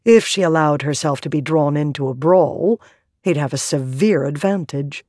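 A woman narrating an audiobook in a measured, clear storytelling manner. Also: sits low, a little mellow, no echo, studio quality. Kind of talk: scripted narration.

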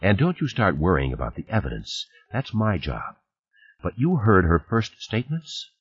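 A man reading an audiobook, voicing a sharp, composed woman lawyer who speaks calmly and precisely. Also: deep voice, normal speed, breathy edge, highs cut off, full character voice. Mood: firm.

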